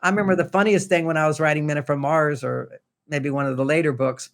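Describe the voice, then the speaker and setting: A fast-talking older man with a fairly high, slightly bright voice and fairly even intonation guests on a podcast as a relationship author. His storytelling is anecdotal and conversational, and he acts out what each person said.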